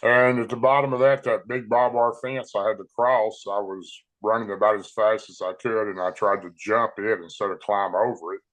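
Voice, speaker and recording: Low-voiced man telling a story. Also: flat delivery, fairly bright tone, poor audio. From Tennessee, USA. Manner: plain, unhurried, folksy retelling with fillers. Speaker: eyewitness storyteller. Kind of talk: personal account told aloud.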